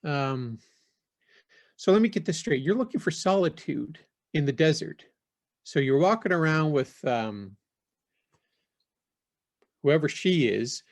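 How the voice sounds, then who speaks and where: A man voicing a calm gang leader in a suit, placating and probing. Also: fairly high pitch.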